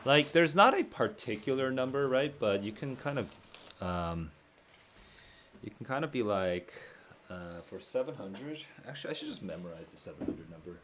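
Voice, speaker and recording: A man chatting casually on a live stream, answering viewer questions at home. He sounds low on energy and talks in a laid-back, rambling way, with plenty of fillers. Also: big pitch swings, normal speed, a bit bright, slight background noise.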